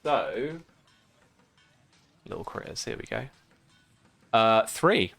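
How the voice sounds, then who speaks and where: A man's voice: lowish voice, animated, slow, gravelly, a bit bright, no room sound, soft background music. A man as game master of a tabletop game, rambling with many fillers and restarts. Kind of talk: narrating a tabletop game on a stream.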